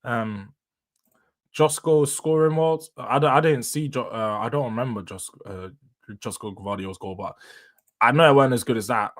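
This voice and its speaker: A young man runs a relaxed live stream. He talks in easy street slang and laughs often, chatting loosely with his viewers. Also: fairly low pitch, moderate pace. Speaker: livestream host. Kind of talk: casual stream chat.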